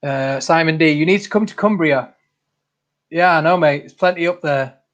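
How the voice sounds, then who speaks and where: A man's voice: a little high, normal speed, dull audio. A man hosting a casual livestream, reading out viewer comments, laughing often and calling people mate. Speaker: channel host.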